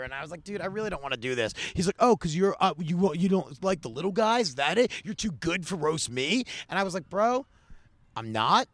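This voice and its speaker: A man, a comedian, telling stories in casual podcast chat, animated and acting out other people's voices. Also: no room sound. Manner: animated, acts out other people with big pitch jumps.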